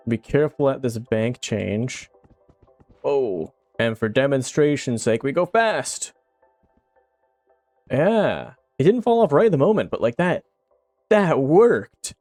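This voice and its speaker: A man from Canada talks through his game footage in a casual, playful way. His voice is mellow and dark, but his pitch leaps around a lot as he gets excited. Faint music plays behind him. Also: takes it slowly, pauses often, no room sound. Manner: playful, excitable, often laughing and shifting pitch. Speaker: game YouTuber. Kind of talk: casual gameplay commentary.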